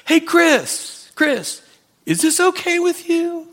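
A man voicing a jovial Saint Peter, cheerfully welcoming people at heaven's gate in a high, loud voice. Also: sing-song, slow, heavily acted. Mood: cheery welcoming.

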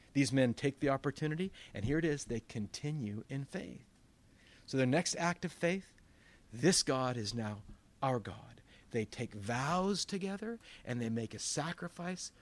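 A man preaching a sermon as pastor, telling stories with quoted voices and emphatic rises. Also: mid-range voice. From Northern California.

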